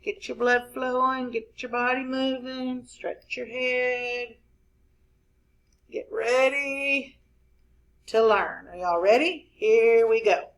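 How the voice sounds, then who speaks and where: A woman teacher, walking young children through spelling words one letter at a time. Her voice sits a little high, and she speaks very slowly and deliberately, leaving room for the class to repeat after her. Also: fairly even intonation, low-quality recording.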